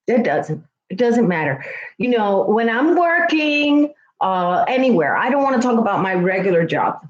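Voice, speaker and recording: A woman's voice: on the high side, very animated, normal speed, reverberant, lo-fi sound. A woman schoolteacher chatting earnestly with her viewers, heartfelt and repeating herself for emphasis. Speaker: schoolteacher and vlogger. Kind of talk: casual livestream chat with viewers.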